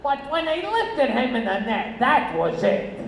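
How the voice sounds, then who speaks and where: A man performing a stand-up comedy set on a casino stage, with shrill, abrupt outbursts and deadpan asides. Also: measured pace, vocal fry. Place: casino stage, live audience. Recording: echoey, noisy audience bootleg.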